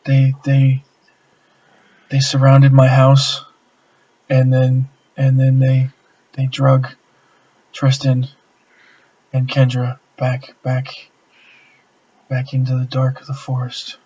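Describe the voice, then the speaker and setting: A man plays a panicked farmer who stumbles over his words. The voice stays flat and slow. It comes through dull lo-fi stream audio. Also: mid-range voice, breathy edge. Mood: frantic. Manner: stammering, frantic. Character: panicked male farmer, distraught.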